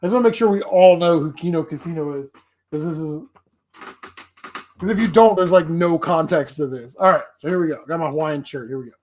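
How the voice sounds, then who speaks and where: A man's voice: fairly high pitch, a little fast, darkish tone. A man hosting a casual live stream, rambling and laughing often. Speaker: streamer host.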